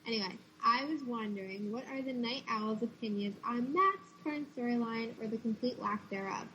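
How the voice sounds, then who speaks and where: A woman's voice: a little high, moderate pace, fairly bright tone. Easygoing young woman on a muffled mic. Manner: easygoing, asks questions. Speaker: podcast host. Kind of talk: casual fan chat. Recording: dull lo-fi audio with faint noise.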